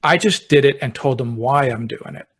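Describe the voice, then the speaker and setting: A middle-aged man in a middle register hosts a podcast for fire-service listeners. He tells a personal anecdote step by step in a relaxed, chatty manner. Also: medium pitch, moderate pace, slightly rough. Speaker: podcast host, deputy fire chief. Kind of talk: conversational storytelling.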